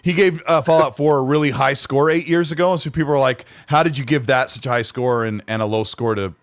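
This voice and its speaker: A man's voice: medium pitch, quick pace, no echo, clean studio sound. A man hosting a casual podcast chat, conversational, at times reading aloud from his notes. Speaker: podcast host.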